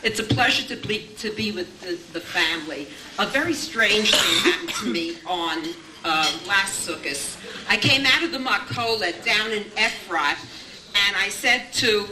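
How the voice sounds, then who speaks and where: A woman's voice: mid-range voice, lively intonation, moderate pace, bright, forceful tone. An older grandmother telling chatty family stories in a speech at a bar mitzvah, with lots of restarts and repeated "I says". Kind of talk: anecdotal family celebration speech. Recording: echoey room, distant mic, background noise.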